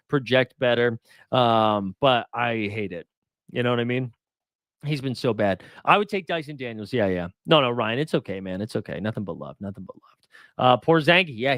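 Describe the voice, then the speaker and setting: A man hosting a casual livestream, chatting and reading viewer comments, animated, swinging from mock outrage to mumbled asides. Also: mid-range voice, no echo, studio quality. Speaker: livestream host.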